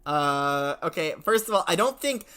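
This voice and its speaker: Young male host in mock-professor role, lively bright delivery, flustered laughing banter. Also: on the high side, normal speed, smooth. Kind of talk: comedic podcast banter.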